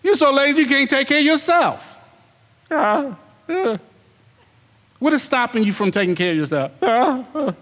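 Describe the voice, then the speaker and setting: A man preaching with a high, bright, forceful voice, hammering his points with repetition and rhetorical questions. The sound carries a long hall reverb. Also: very animated, quick pace, few pauses. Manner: mimics lazy excuses in put-on voices. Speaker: elder preaching. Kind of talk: sermon.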